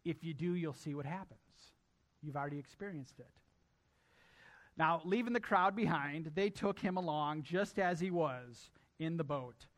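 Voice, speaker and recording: A man's voice: a little high, normal speed, fairly bright tone. A male pastor preaching a sermon emphatically, repeating key lines and addressing his congregation directly.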